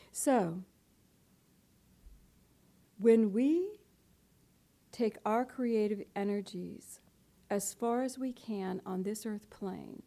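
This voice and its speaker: A middle-aged woman, a spiritual teacher, gives a playful, conversational talk to a live audience and laughs often. Her voice is medium in pitch with a dark tone.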